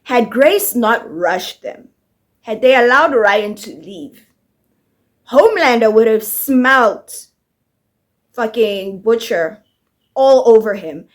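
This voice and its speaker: A woman's voice: a little high, big pitch swings, slow pace, long pauses. Heated, profane woman ranting about a show. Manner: heated, profane, rhetorical questions. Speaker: TV show commentator. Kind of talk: casual ranting review.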